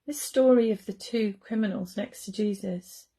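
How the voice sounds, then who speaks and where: A woman with an English accent gives a gentle, heartfelt Good Friday reflection. Her voice is husky and gravelly, with a mellow, slightly raised pitch. She speaks conversationally, like a minister talking to her congregation. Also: normal speed. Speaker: church minister.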